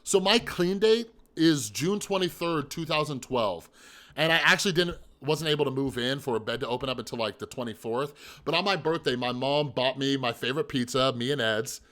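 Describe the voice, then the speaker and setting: A man's voice: medium pitch, lively intonation, normal speed, fairly bright tone. A man in his thirties telling his own story on a vlog, blunt and profane, with emphatic repetition and rhetorical asides to the listener. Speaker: mental health vlogger. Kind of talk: candid personal storytelling.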